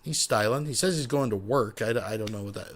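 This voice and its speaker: A fast-talking man with a voice on the low side and a bit bright hosts a livestream. He gives wry, casual commentary, frequently calling his viewers "folks."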